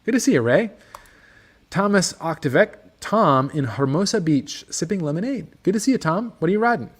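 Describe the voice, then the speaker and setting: A man hosting a casual livestream from a motorcycle workshop, reading out viewer comments in a relaxed, rambling way full of ums and restarts. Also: sits high, normal speed, breathy edge.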